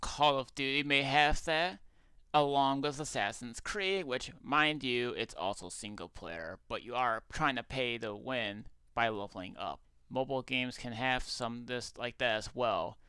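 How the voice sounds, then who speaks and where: A man's voice: medium pitch, unhurried, pushed and bright, clean tone, no echo. A man giving argumentative video commentary, arguing indignantly about game microtransactions. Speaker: YouTuber in a clip being reacted to.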